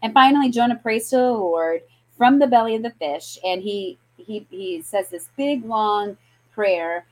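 A woman hosting a weekly scripture show, teaching casually. She tells the story in an animated, chatty way, full of fillers and restarts. Her pitch sits in an ordinary middle range. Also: a little slow, rough recording.

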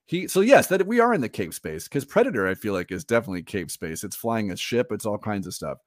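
Animated, laughing podcast co-host man. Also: lowish voice, fast, no echo, clean studio sound. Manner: animated, laughs often, lively storytelling. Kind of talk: casual chat.

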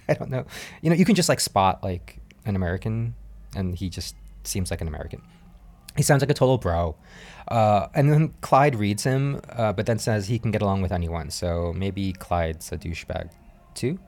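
Casual podcast host, male, lower voice, chatty with lots of fillers and laughs. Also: normal speed. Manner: chatty, animated, laughs often, frequent fillers. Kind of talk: casual recap commentary. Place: home apartment.

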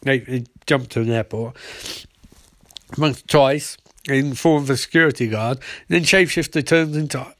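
A man's voice: mid-range voice, normal speed. A man casually recapping a TV episode for laughs, rambling, swearing and correcting himself. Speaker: comedic recapper.

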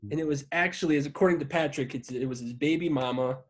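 A man's voice: on the high side, fast. Profane, rambling podcast co-host man. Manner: profane, rambling, self-deprecating. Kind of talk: casual chat.

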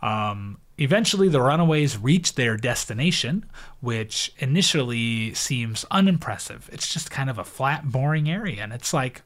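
A man's voice: mid-range voice, animated, normal speed. A man in his thirties co-hosting a podcast, recapping a film in casual chat with joking asides and frequent laughs. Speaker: podcast co-host.

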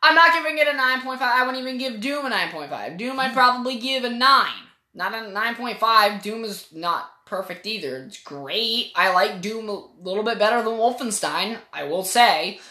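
Woman podcaster, bright forceful voice, swears casually while reviewing a game. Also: a little high, expressive, normal speed, hardly any pauses. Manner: opinionated, profane, rambling. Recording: echoey room.

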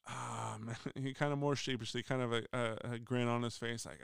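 A middle-aged union steward with a gravelly yet smooth, medium-pitched voice tells a story in a casual monologue at normal speed with a steady tone. He rambles, restarts often, and acts out quoted voices, recorded as a clean, echo-free studio-quality voice message.

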